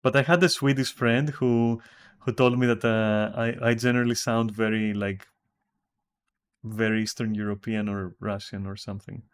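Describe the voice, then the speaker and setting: A man's voice: on the low side, flat delivery, normal speed, clear, resonant tone. A man with a Greek accent chatting casually with viewers while streaming a game from home, rambling and swearing casually. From Greece.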